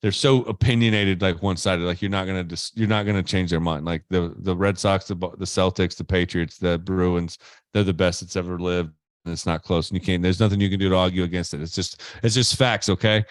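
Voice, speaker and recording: Animated man telling travel stories. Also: sits low, fairly quick, no echo. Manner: animated storyteller, acts out quoted people. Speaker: podcast co-host. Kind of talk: casual chat.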